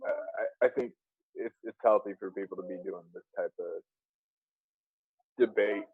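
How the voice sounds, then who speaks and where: Low, hesitant man on a dull mic. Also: fairly even intonation, moderate pace, husky, dry recording. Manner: hesitant, many fillers. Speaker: podcast guest. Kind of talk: casual discussion.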